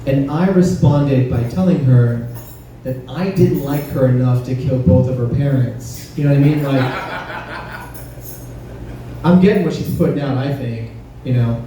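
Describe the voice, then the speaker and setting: Stand-up comic, male, mellow slightly high voice, heard from across a very roomy club. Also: a little slow. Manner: conversational, crowd-teasing, punchy delivery. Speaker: stand-up comedian. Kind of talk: stand-up comedy set. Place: comedy club stage. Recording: roomy, distant club recording with faint noise.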